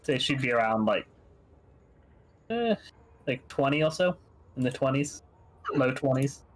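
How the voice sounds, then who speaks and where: A man's voice: medium pitch, a little slow. Laughing male game master. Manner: relaxed, laughs often, filler-heavy. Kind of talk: narrating a tabletop game.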